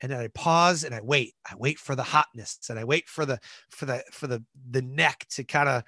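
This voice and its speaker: A man guest on a podcast, telling a personal story in an animated way and acting out the voices of people in it. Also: medium pitch, normal speed, no echo. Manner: animated, acts out voices in his stories, many fillers like "like".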